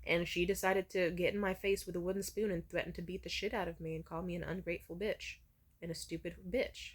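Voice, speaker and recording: A woman's voice: fairly low pitch, fairly even intonation, brisk. Candid, swearing young woman storyteller. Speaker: vlogger. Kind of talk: storytime vlog.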